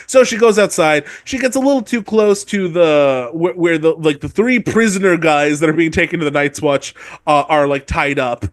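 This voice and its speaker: A woman's voice: on the low side, dry recording. A woman co-hosting a podcast, recapping book chapters in a rambling, profane way, correcting herself as she goes. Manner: rambling, profane, self-correcting, acts out characters. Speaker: podcast co-host.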